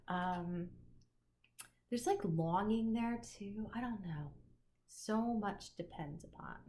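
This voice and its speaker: Chatty woman teacher musing aloud. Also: medium pitch. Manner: enthusiastic, musing, many fillers. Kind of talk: recorded lecture for an online class.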